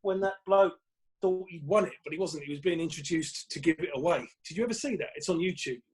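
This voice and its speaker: A middle-aged English comedian, a podcast guest, telling lively stories and acting out voices. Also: male voice, a little high, fast talker. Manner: lively, acts out voices and laughs mid-story. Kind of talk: animated storytelling.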